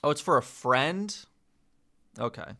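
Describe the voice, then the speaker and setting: An American man hosting a casual live chat, slowly sounding out words with many fillers and pauses. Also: medium pitch, very animated, creaky, bright, forceful tone. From United States. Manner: slow, hesitant, full of fillers, sounding out words. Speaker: livestream host learning Polish.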